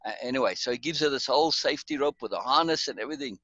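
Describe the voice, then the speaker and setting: A man's voice: medium pitch, racing, bright, forceful tone, no echo, dull audio. A man telling stories in casual chat, rambling, restarting often and chuckling. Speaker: storyteller.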